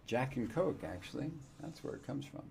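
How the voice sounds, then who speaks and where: A man's voice: mid-range voice, lively intonation, moderate pace, gravelly, background noise. An older man casually commenting on his gameplay with wry, joking asides. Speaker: let's-play gamer.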